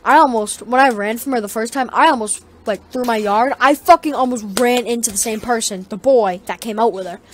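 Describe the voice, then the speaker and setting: A woman vlogger telling a story in a casual, rambling way, swearing often and getting animated. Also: fairly high pitch, a little fast, few pauses.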